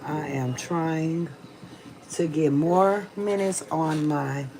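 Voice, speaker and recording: Woman livestream host, deep and slow, drowsy casual chat over a noisy outdoor phone recording. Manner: chatty, slangy, addresses viewers as y'all. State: tired, yawning. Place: outdoors on a rainy day.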